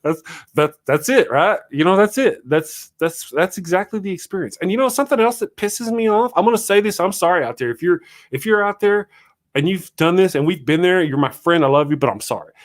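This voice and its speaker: A man's voice: sits high, lively intonation, fairly quick. A man hosting a solo livestream morning show, talking casually and ranting in a rambling, self-deprecating way.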